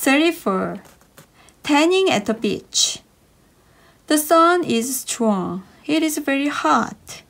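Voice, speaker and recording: A woman reading short English science stories for children in a slow, bouncy storybook manner. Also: sits high, sing-song, creaky, fairly bright tone. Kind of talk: slow expressive read-aloud for kids.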